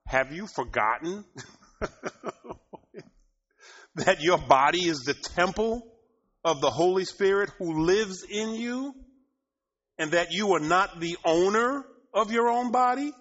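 A man preaching a sermon, often laughing and rising to loud, emphatic bursts, in a dull lo-fi recording. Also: high-pitched, expressive, takes it slowly, pauses often.

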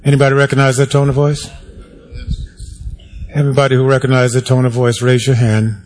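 A man's voice: mid-range voice, flat delivery, fairly quick, darkish tone. A male pastor preaching a sermon to his congregation in a wry, conversational way, asking for amens and hands raised. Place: church sanctuary.

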